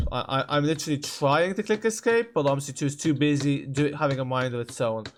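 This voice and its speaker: A man's voice: a little high, moderate pace. A man hosting a game channel, ranting in exasperation at a buggy simulator, stammering and repeating himself. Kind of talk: ranting gameplay commentary.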